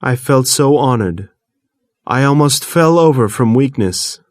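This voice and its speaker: A man reading an audiobook in the first person, measured and earnest, recorded close to the mic. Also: medium pitch, lively intonation, no echo. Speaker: audiobook narrator. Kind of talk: first-person scripted narration.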